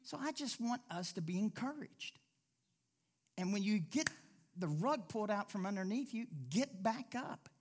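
Animated, high-voiced male pastor preaching. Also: moderate pace, a little hiss or hum. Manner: animated, swings between low asides and loud exclamations; mimics whiny voices when quoting people. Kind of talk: sermon.

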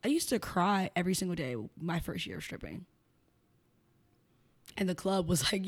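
A woman's voice: on the low side, animated, normal speed, pauses often. A young adult woman speaking as a podcast guest, talking frankly and bluntly and laughing often. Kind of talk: candid conversational interview.

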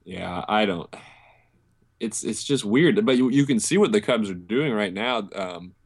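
Low-voiced hesitant young man chatting. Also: expressive, a little slow. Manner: hesitant, thinks aloud with many fillers and restarts. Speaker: podcast co-host. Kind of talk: casual sports chat.

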